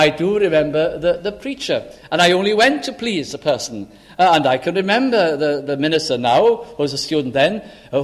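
An older man preaching a sermon, earnest, lifting his voice for scripture and dropping low and soft to stress a point.

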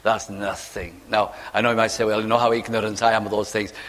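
A man's voice: fairly low pitch, little pitch movement, fast, fairly bright tone, in a large hall. A man preaching a sermon, earnest, acting out quotes and drawing out key phrases.

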